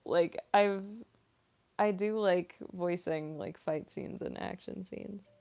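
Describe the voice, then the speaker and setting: Young woman, laid-back streamer, unhurried, a little low, giggly and chatty. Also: darkish tone, smooth. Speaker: voice actress, streamer. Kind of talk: casual livestream Q&A.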